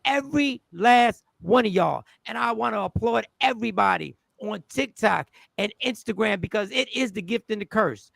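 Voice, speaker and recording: High-voiced man ranting on his show. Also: lively intonation, normal speed, vocal fry, few pauses, a bit bright, dry recording. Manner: fired-up, preachy rant. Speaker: show host. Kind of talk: ranting livestream talk show.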